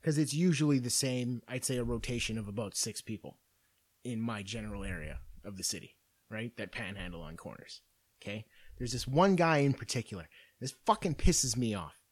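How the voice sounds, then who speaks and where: A man's voice: medium pitch, a little fast, breathy edge. A young man hosting a podcast, ranting in casual, profane storytelling about everyday annoyances. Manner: profane, animated storytelling rant. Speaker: podcast host.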